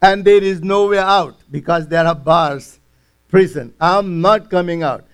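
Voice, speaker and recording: A man's voice: high voice, unhurried, smooth. A man teaching a verse-by-verse Bible study, earnestly explaining each passage in plain words.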